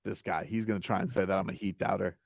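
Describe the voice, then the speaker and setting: A man's voice: deep voice, fast, gravelly, no echo, clean studio sound. A man hosting a sports radio show, teasing callers and his co-host in casual banter. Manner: teasing and animated.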